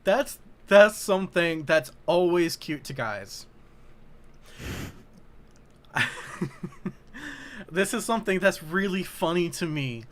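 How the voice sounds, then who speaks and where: A young man with a slightly higher-than-usual voice chatting casually. He rambles and hunts for his words, piling up fillers as he goes. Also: animated, takes it slowly, pauses often. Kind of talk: casual chat.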